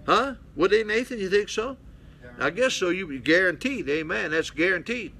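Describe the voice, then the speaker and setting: A man's voice: high-pitched, expressive, moderate pace, bright, forceful tone, a little hiss or hum. An older man, a pastor, preaching bluntly to a small mission congregation and calling out to his listeners. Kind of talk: folksy preaching Bible study.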